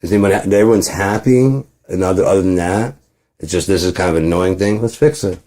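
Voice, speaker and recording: A man's voice: low voice, fast talker, dark tone. A man rambling in a casual monologue, profane, acting out both sides of imagined conversations. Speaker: channel host.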